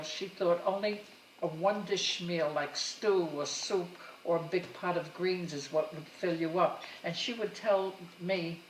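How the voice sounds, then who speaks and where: Older woman telling family stories, roomy. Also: lowish voice. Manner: fond, anecdotal, with small laughs. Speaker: narrator of her mother's life. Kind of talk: oral history storytelling. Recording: roomy, distant mic, faint noise.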